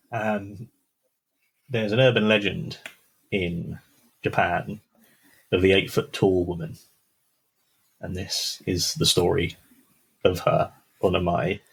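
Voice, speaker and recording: A man with a low, deep voice that has a husky edge. He tells a spooky tale in a casual way. He drops to a hush and pauses to build suspense. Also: rough recording. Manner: dramatic pauses, hushed build-ups. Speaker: podcast co-host. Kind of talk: casual storytelling.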